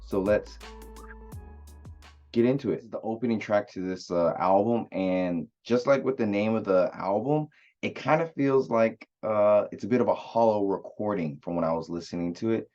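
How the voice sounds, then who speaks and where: A man with a very low voice talks through an album review in a loose, rambling way, full of fillers and restarts. The recording is dull and lo-fi. Faint music plays underneath. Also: normal speed, darkish tone. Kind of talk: casual spoken album review.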